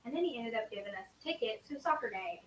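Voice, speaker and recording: A woman telling travel stories to a group in a casual, animated way. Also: a little high, fast. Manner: animated, acts out quoted lines. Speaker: student speaker sharing travel stories. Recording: echoey room from a distance, faint hiss.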